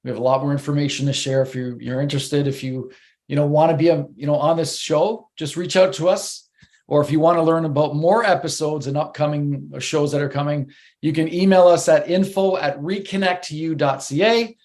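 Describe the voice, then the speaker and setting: A man's voice: fairly high pitch, fairly even intonation, fairly quick, darkish tone. A male host closing out a video-call show, earnest and a little choked up as he thanks everyone. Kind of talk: show sign-off.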